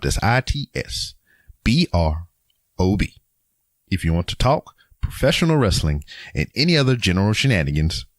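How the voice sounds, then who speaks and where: A young man from Louisiana with a low voice, rambling through his podcast sign-off in a loose, chatty way. His voice is dry and close to the mic, with no room echo. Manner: rambling and chatty, with frequent ums and chuckles. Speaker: podcast host. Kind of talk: casual solo podcast outro.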